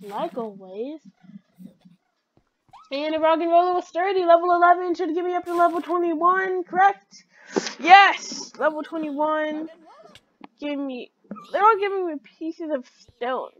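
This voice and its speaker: A woman giving chatty, excitable commentary while playing a game, talking back to it as she goes. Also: high-pitched, lo-fi sound. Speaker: let's play gamer.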